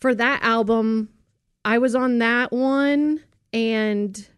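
A woman's voice: a little high, slow, clear, resonant tone, dry recording. A woman co-hosting a casual podcast chat, telling stories animatedly and acting out quotes. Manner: animated storyteller who acts out quotes. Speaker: podcast co-host and voice performer.

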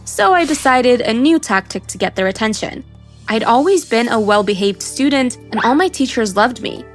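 Woman narrating a story, slightly high voice. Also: moderate pace, faint music behind. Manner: earnest, expressive. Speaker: podcast storyteller. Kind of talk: first-person story narration.

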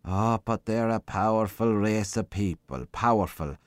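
A man's voice: lowish voice, unhurried, dry recording, studio quality, voice pushed up, close to an everyday voice. A man voicing a chatty, rambling Irish country policeman who marvels aloud. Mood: marvelling. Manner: rambling, wondering talk.

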